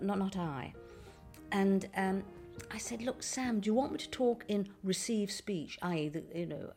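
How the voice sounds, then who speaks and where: Lively older English actress reminiscing. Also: female voice, medium pitch. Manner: lively storyteller, mimicking voices, trailing restarts. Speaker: actress recalling work. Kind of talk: documentary interview.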